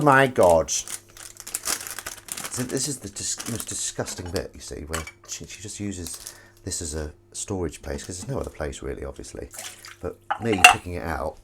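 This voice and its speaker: A man's voice: low voice, noisy background. A man chatting casually on a live stream while he washes up in his home kitchen, rambling and self-mocking as he reads viewers' comments. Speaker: streamer hosting a washing-up livestream. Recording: dish clatter in the background. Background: clattering dishes and cutlery.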